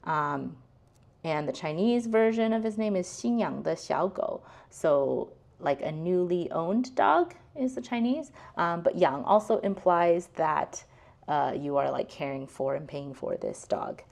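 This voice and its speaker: A woman talking through a casual language lesson in a low, gravelly voice. She is chatty and unhurried, breaking words apart and explaining each piece. She fills her pauses with soft ums and likes. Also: animated. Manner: chatty, explains word by word, many fillers. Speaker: host.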